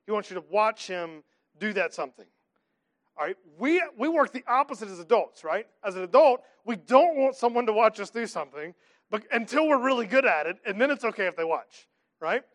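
A man in his thirties preaching a sermon as pastor, swinging between loud declarations and hushed, near-whispered lines. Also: high voice, animated, a little fast.

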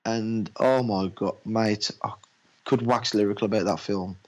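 The man's voice sits fairly low, with fairly even intonation and a darkish tone, on a low-quality recording. He's an adult with a daughter chatting loosely about films he's watched, using "mate" and acting out anecdotes in quick voices.

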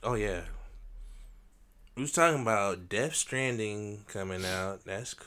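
A young man with a fairly low voice trades crude jokes on a casual podcast. He is loose and playful, a regular co-host. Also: unhurried, fairly bright tone, smooth. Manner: joking, crude banter. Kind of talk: casual chat.

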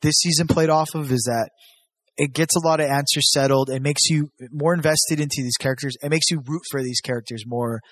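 A man chatting casually as a podcast co-host, animated and swearing freely, acting out quoted voices. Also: a little high, a little fast. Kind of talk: casual chat.

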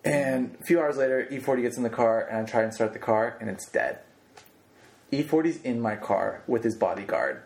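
A man's voice: medium pitch, lively intonation, fairly quick. A young man co-hosting a podcast, telling a story in a laid-back, slangy way and laughing easily. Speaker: podcast co-host. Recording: roomy echo.

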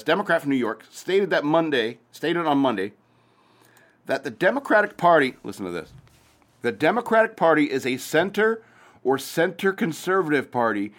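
A man with a fairly high, fairly bright voice hosts a casual news commentary show. He reads the headlines hesitantly, full of fillers and restarts, and keeps breaking off into sarcastic asides.

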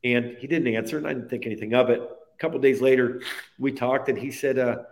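A man's voice: medium pitch, steady tone, fairly quick, a little mellow. A man speaking as a guest in a podcast interview, telling a personal faith story in an earnest, heartfelt way that stacks phrases one onto the next.

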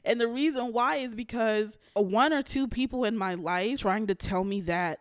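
A woman's voice: fairly high pitch, normal speed, few pauses, no echo, studio quality. A young woman hosting a podcast, telling a personal story bluntly and with swearing, fighting back tears at times. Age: young adult. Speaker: podcast host. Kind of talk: candid personal monologue.

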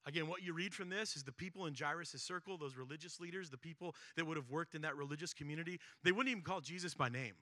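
Man giving a sermon, very bright tone, fairly high voice, chatty and animated, dry close sound. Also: fast, few pauses, no echo. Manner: conversational, keeps asking "right?"; animated, shifts between loud and hushed. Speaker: pastor.

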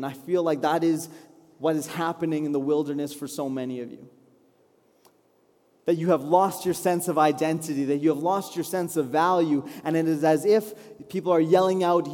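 Earnest male pastor in an echoing hall. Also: on the high side. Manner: earnest, pleading, rising to fervent declarations and slowing for prayer. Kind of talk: sermon. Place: church hall, live congregation. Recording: live church hall reverb with soft music. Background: soft instrumental worship music.

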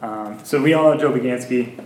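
A man's voice: medium pitch, brisk, a little mellow, far from the mic, slight background noise. Casual man heard from across an echoey room. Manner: casual, filler-heavy, joking. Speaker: community leader introducing the speaker. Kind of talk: casual introduction to a group.

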